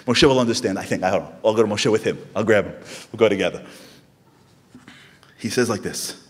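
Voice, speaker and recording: A man's voice: fairly low pitch, normal speed, long pauses. A man delivering an impassioned sermon as a rabbi in a synagogue hall, firing off emphatic rhetorical questions. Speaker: rabbi giving a lecture. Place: synagogue hall with live audience. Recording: reverberant hall sound.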